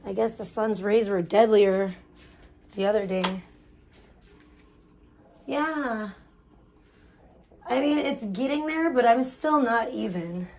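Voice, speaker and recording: A woman's voice: mid-range voice, gravelly, darkish tone. Rambling, crude woman streamer. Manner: rambling, crude jokes, muttering to herself. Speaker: live streamer. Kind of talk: casual live-stream chat. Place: outdoors in the sun, tanning. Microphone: phone.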